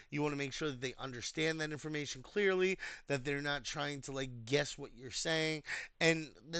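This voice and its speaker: A man's voice: a little high, sharp tone, dry recording. A young American man talking casually and earnestly, giving advice with many restarts and fillers. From United States. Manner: earnest, explanatory. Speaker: community host reviewing threads.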